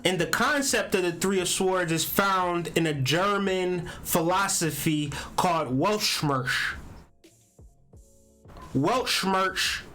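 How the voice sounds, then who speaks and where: A man with a high-pitched voice hosts a casual spiritual video on astrology and tarot. He talks slowly and wanders from point to point, stressing words hard and swearing offhandedly. Soft music plays faintly behind him. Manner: meandering, emphatic, swears casually. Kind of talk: casual spiritual talk to camera.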